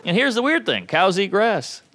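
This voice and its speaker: A man in his thirties works a comedy club stage through a handheld mic, punchy and quick to slip into the voices of the people in his bits. His voice sits a touch high and leaps around with lively, animated pitch. A faint hiss runs under the recording. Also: crowd noise. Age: 30s. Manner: animated, voices quoted characters, punchy delivery. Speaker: stand-up comedian. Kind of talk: stand-up comedy set.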